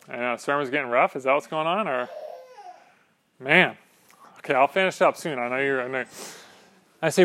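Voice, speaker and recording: A man's voice: medium pitch, a little fast, pauses often, sharp tone, a little hiss or hum. A man preaching a sermon in a church, conversational and joking with the congregation, often checking in with "right?". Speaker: pastor.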